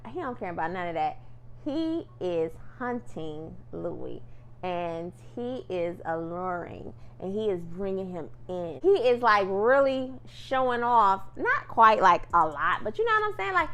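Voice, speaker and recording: A woman's voice: medium pitch, very animated, unhurried, a bit bright. A woman chatting through a TV episode recap in a sassy, playful way, often calling the viewer "girl". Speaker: TV recap vlogger.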